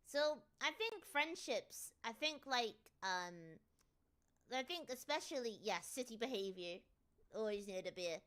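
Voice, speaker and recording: A woman's voice: a little high, lively intonation, unhurried, fairly bright tone. A British woman streamer chatting casually and jokily as she answers viewer questions. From United Kingdom. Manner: chatty, jokey, with many restarts and playful put-on voices. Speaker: VTuber streamer.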